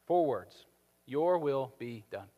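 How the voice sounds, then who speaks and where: A man preaching a sermon, animated, swinging from emphatic peaks down to soft, quiet lines. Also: mid-range voice, slow pace, phone-quality sound. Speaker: pastor. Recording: long hall reverb.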